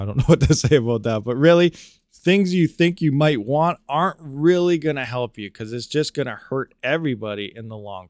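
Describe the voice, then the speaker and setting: A man's voice: mid-range voice, a little mellow, dry recording, studio quality. A man hosting a casual live-stream Q&A on crypto mining, reading chat questions aloud and rambling with frequent "you know"s.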